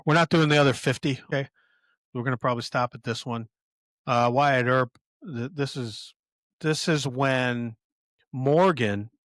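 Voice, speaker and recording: A man's voice: mid-range voice, a bit bright, no room sound, studio quality. A man hosting a podcast in a casual film commentary, rambling with many restarts and chuckles. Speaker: podcast host.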